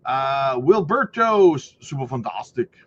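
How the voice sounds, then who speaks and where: Slightly muffled audio with faint noise carries a man hosting a casual crypto livestream. Unhurried but very animated, with a mid-range, fairly bright voice, he reads viewer comments in an upbeat, hyped way, full of "you know" and "right".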